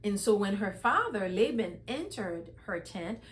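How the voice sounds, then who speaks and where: A woman's voice: mid-range voice, sing-song, measured pace. A woman hosting a casual Bible reading commentary, retelling the story conversationally with lots of "you know". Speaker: host.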